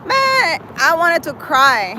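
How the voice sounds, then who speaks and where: With an extremely high, sharp voice that swings widely in pitch, a vlogger talks slowly while walking a city park on a live stream. She reads chat and rambles, saying "like" and "I don't know" a lot; the audio is poor with slight background noise.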